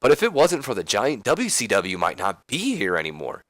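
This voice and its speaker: A man doing a slick young wrestling promoter, all showman energy. The voice is pushed a bit higher than a plain speaking voice and stays loud and upbeat. The recording is dry and close. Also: huge pitch swings, normal speed, no room sound, full character voice. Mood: hyped. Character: smooth-talking young male wrestling promoter hyping a crowd.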